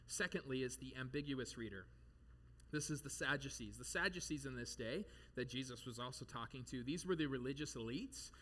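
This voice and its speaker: A man delivers a lively sermon, tossing out rhetorical questions and light jokes. His voice sits a bit high and rings bright and forceful. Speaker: pastor.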